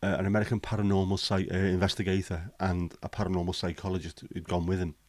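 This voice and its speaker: A man's voice: low-pitched, flat delivery, quick pace, darkish tone, no room sound. A man chatting casually on a livestream, blunt, sweary and cynical. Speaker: livestream host. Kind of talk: casual chat.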